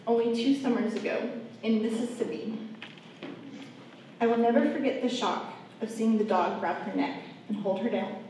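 A woman's voice: on the high side, moderate pace, long pauses, dark tone. Earnest woman in echoey room. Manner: earnest heartfelt storytelling, addresses audience directly. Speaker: speaker sharing a personal testimony. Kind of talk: faith testimony talk. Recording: echoey room, mic at a distance, faint background noise.

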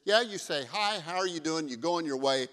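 A man's voice: on the high side, expressive, fairly quick, a bit bright, big-room sound, voice pushed up. A male preacher voicing a blunt elderly woman in a wheelchair as he retells a story in his sermon. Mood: scolding. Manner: blunt, scolding.

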